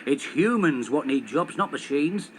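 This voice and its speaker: A man voicing a cross, middle-aged taxi driver who grumbles in gruff, common speech, slow and emphatic. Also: fairly high pitch, lively intonation, slight background noise, low-quality recording. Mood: irritated.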